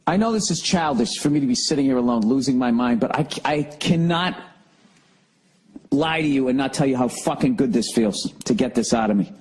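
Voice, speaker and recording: Husky-voiced man ranting profanely. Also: mid-range voice, lively intonation, a little fast, low-quality recording. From United States. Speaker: podcast host. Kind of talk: solo comedic rant.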